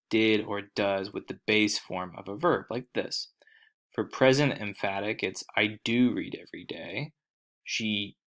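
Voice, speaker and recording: A man's voice: lowish voice, pushed and bright. A man giving a casual, upbeat grammar lesson as a teacher, chatty and repeating key points to drill them in.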